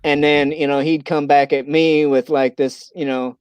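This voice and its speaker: Rambling man with a smooth dry voice. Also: a little high, flat delivery, moderate pace, darkish tone, no echo. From Missouri. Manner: rambling, many fillers and restarts. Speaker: livestream host. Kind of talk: casual chat.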